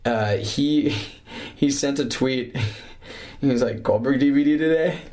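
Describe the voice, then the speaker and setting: A podcast co-host with a slightly slow, somewhat mellow voice jokes around in casual chat. Now and then he breaks into silly high voices and impressions.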